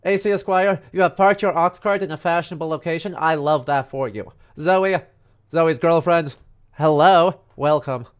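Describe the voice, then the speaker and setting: A man broadcasting from his countryside home talks history in a relaxed, jokey way despite a stuffy nose. His voice is on the high side, clear and resonant, at normal speed. He rambles chattily with many fillers and digressions.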